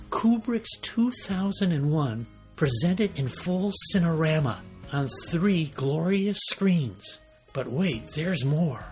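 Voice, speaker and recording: Slow, animated male storyteller. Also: on the high side. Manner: slow, dramatic reading with dry asides. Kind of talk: scripted story reading.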